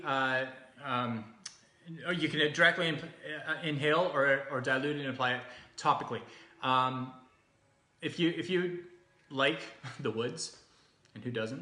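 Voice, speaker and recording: A man chatting casually and cheerfully through a product walkthrough, joking and filling pauses with ums. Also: mid-range voice, sharp tone. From Canada. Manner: chatty, upbeat, jokey, with frequent fillers. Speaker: vlogger reviewing essential oils. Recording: echoey room.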